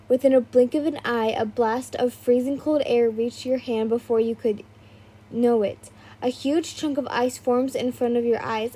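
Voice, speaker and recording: A woman's voice: fairly high pitch, dark tone, breathy edge. A woman reading a fan fiction story aloud in a casual way, with small stumbles and asides.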